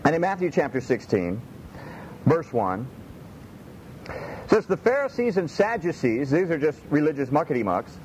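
Animated folksy male preacher. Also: a little high, normal speed, pauses often, slight background noise, low-quality recording. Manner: folksy, animated, repeats phrases. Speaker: pastor. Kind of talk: sermon.

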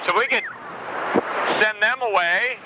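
A man's voice: high-pitched, measured pace. A man preaching an outdoor sermon, emphatic and conversational, laughing often. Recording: loud outdoor traffic noise.

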